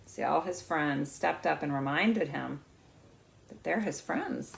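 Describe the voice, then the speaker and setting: A woman in her fifties reading a children's picture book aloud, expressive and pausing to point out the pictures. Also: low voice, gravelly. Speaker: guest reader of a children's book.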